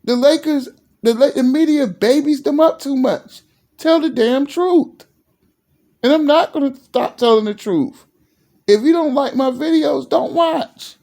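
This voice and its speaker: A man from Virginia ranting in a sports vlog, fired up and repeating himself, sometimes dropping low and emotional. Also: moderate pace, creaky, mellow. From Virginia, USA. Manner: fired-up and repetitive, stumbles over restarts; drops low and emotional at times. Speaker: sports commentary vlogger.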